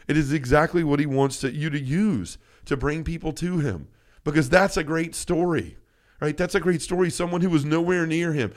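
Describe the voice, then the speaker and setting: An earnest man in his thirties, co-hosting a faith podcast, who talks with feeling and often restarts his sentences. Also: a little high. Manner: earnest and emotional, many restarts. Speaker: podcast co-host.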